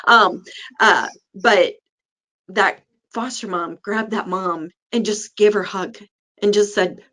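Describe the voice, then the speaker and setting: A woman's voice: medium pitch, steady tone, slow pace, sharp tone. A middle-aged woman, a neonatal nurse practitioner, earnestly telling a personal story in an interview. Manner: earnest, acts out the people in her story.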